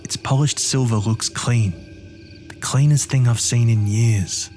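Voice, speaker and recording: A man's voice: medium pitch, a little slow, a little mellow, soft background music. A man narrating a horror story in the first person with a gritty, streetwise delivery.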